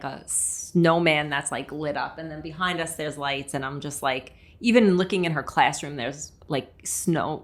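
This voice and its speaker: Woman podcast co-host, low voice, chatty and gushing, lots of fillers. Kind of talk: casual chat.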